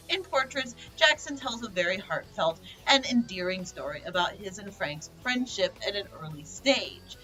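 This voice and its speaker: A woman, the creator of a stage play, giving a measured, reflective director's commentary. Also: mid-range voice, pushed and bright, low-quality recording.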